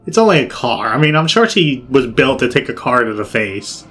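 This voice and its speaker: A man giving loud, jokey game commentary, swearing and yelping in fright as he plays. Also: medium pitch, sing-song, moderate pace, husky, soft background music. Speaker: gaming video creator.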